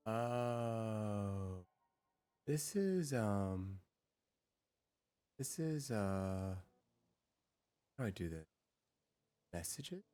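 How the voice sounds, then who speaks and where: A woman's voice: a bass voice, sing-song, extremely slow, long pauses, dark tone. A woman streamer chatting casually with her viewers through a real-time AI voice changer, muttering to herself while she sets up her screens. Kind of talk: casual live-stream chat.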